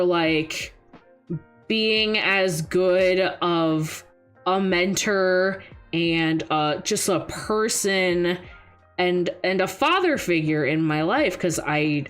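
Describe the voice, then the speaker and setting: A young woman streamer telling a personal story in casual chat, rambling with lots of fillers and jumping higher when she quotes people. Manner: acts out quoted voices in a higher pitch. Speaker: VTuber streamer.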